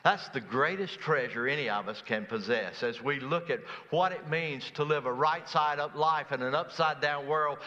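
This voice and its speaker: A man, preaching a sermon as pastor and telling a story, dropping low and quiet for quoted lines. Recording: dull, long church reverb.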